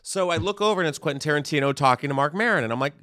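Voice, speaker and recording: A man co-hosting a comedy podcast, telling animated comic stories and acting out quotes. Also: a little high, racing, no room sound, clean studio sound. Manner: animated, acts out quotes in jumpy voices. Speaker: podcast co-host. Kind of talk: casual chat, comic storytelling.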